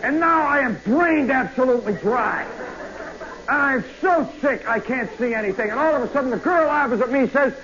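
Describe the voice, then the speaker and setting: Guy telling a wild story on old radio, high voice, muffled and hissy. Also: normal speed. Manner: animated, swings from hushed asides to loud yelps. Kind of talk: live radio monologue storytelling. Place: nightclub stage. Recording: muffled vintage radio broadcast with hiss.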